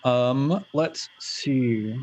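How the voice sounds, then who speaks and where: A man's voice: mid-range voice, drawn-out words, a little mellow, rough recording. A man narrating as game master in a loose, chatty way.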